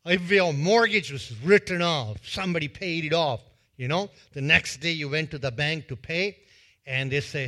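A male pastor giving a sermon in a church, retelling a parable in an animated way and acting out its scenes with a volunteer. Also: on the high side, normal speed. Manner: animated storytelling that acts out scenes.

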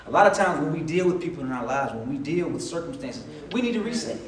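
A man with a slightly high, expressive voice talks fast as he preaches a sermon, telling the story conversationally and acting out the dialogue. He's recorded from a distance in an echoey church sanctuary, with the congregation responding in the background.

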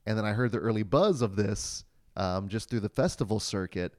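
A man's voice: fairly low pitch, moderate pace, a little mellow, no room sound, clean studio sound. A man hosting a casual film podcast, rambling and laughing as he leads the talk. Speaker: podcast host.

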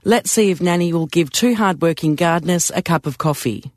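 A man's voice: a little high, brisk, no room sound, clean studio sound, natural voice. A man voicing a friendly, easygoing gardener with an Australian accent. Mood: cheerful.

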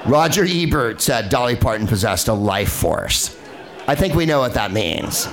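Animated, digressive male podcast host. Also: medium pitch, normal speed. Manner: animated, digressive, profane, laughing asides. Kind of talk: rambling comic film talk. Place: live venue with an audience.

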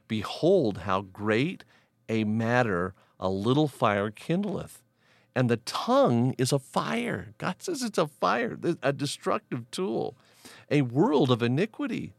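A middle-aged pastor with a gravelly, creaky voice reads scripture in slow, deliberate King James cadence. His pitch rises and falls freely as he teaches, and he is recorded close on a dry studio mic. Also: sing-song, no room sound. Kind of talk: Bible reading and teaching podcast talk.

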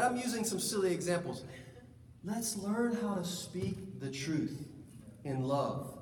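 Male pastor, sermon, high voice, conversational, distant mic, long reverb, faint room hum. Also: slow pace. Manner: lively, conversational, acts out anecdotes. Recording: echoey hall, distant mic, faint ambience.

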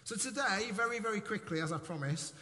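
A man's voice: high voice, expressive, brisk, pushed and bright. A middle-aged pastor, preaching in a playful, jokey way to his congregation in a church hall. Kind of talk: sermon. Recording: echoey hall with faint noise.

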